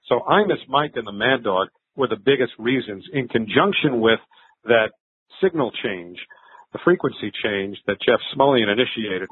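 A man's voice: mid-range voice, breathy edge, no room sound. An older man, a veteran sports broadcaster, telling stories in a conversational interview, with fillers and restarts. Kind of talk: reflective interview answers. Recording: thin phone-like line.

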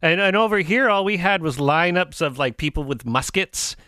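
A man's voice: high voice, expressive, normal speed, sharp tone, dry recording, studio quality. A man hosting a podcast, chatting casually and rambling, with many fillers and restarts. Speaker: podcast host. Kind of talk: casual interview and show wrap-up.

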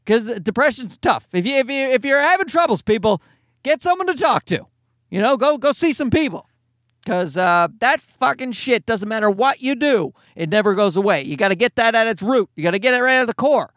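A man's voice: very high-pitched, expressive, brisk, a bit bright, no room sound, studio quality. A middle-aged man hosting a solo podcast from a parked car, rambling and swearing with self-mocking humor. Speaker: podcast host.

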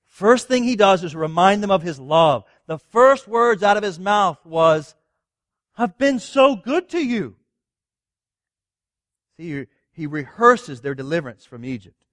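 Earnest preacher man, slightly high voice. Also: lively intonation, moderate pace, a bit bright, no echo, clean studio sound. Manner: earnest, rhetorical questions to the congregation. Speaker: pastor. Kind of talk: sermon.

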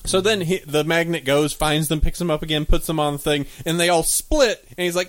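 Lively man acting out film scenes. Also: fairly quick, hardly any pauses. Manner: acts out characters in big high-pitched bursts. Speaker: podcast co-host. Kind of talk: casual chat recapping a film.

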